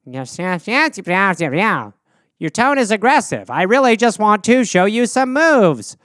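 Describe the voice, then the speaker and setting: A man doing a low, droning polite alien. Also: big pitch swings, a little slow, a bit bright, clear, resonant tone, no echo, studio quality, exaggerated voice. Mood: earnest. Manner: repeats yes and yep endlessly. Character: dim, polite male alien visitor.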